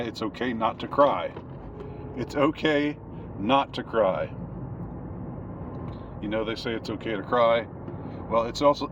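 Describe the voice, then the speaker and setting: A man speaking in a casual monologue from a car, halting and rambling with many restarts. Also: lowish voice. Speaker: commentator. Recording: dull lo-fi with steady noise.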